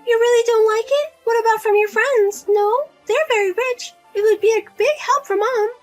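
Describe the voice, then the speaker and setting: A woman's voice: very high voice, fairly even intonation, normal speed, faint music behind. A woman voicing a whiny, nagging older mother. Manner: nagging, whiny, guilt-tripping. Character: spendthrift widowed mother, pushy and self-pitying. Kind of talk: narrated drama story.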